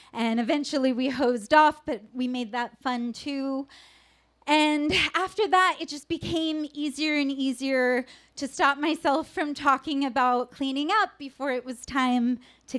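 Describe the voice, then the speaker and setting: A woman telling a personal story on stage at a live event, earnest and conversational with soft pauses. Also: sits high.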